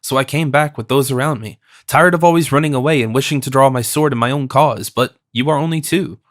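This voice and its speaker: A man voicing a commanding noble prince in an audiobook, measured and authoritative. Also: mid-range voice, a bit bright, no echo, studio quality, natural voice. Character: commanding noble male prince, battlefield leader.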